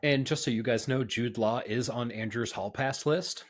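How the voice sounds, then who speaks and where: A man's voice: mid-range voice, normal speed. A young man co-hosting a casual podcast, teasing his partner with dry banter. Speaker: podcast co-host.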